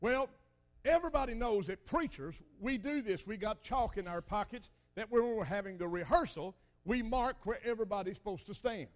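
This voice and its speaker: High-voiced older preacher. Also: male voice, animated, moderate pace. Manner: folksy storytelling, loud emphatic bursts. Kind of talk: sermon.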